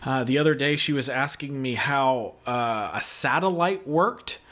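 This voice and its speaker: A man's voice: medium pitch, unhurried, pushed and bright. A man in his thirties from the American South, giving a casual, joking video sermon as a guest pastor. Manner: jokey, chatty, self-deprecating.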